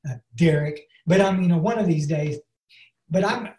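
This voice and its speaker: Man, folksy, earnest, slightly high voice, echoey room. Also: moderate pace, a little mellow. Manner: folksy, earnest, many "and, uh" fillers. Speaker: recovery speaker. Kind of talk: personal testimony talk. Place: online meeting.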